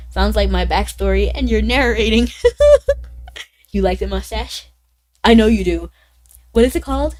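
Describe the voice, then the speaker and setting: A woman streaming a game, chatting casually with viewers in a bubbly way, with sudden high exclamations. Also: normal speed, long pauses, darkish tone, low-quality recording. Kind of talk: casual gaming stream chat.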